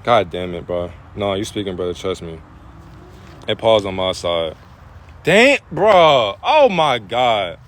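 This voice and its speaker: This man's delivery is low-pitched and unhurried, with long pauses, as he chats on a live spiritual stream. He's casual and profane, full of street slang, and at times launches into lively preaching.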